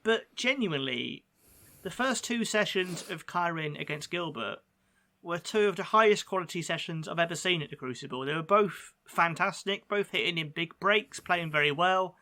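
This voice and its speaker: Brief: male podcast host, bright tense voice, playful banter, slightly high. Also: expressive, normal speed. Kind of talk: casual chat.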